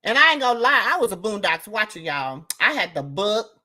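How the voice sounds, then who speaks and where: A woman in her fifties hosting a casual commentary, emphatic and animated, repeating lines for effect. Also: mid-range voice, a little fast. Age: 50s. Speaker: host.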